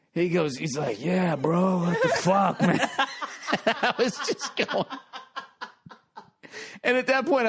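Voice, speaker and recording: American guy in his 40s, pretty high voice, laughing and cussing thru a story on his podcast. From United States. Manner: animated, laughs through the story, swears a lot. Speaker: podcast host. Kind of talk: casual storytelling.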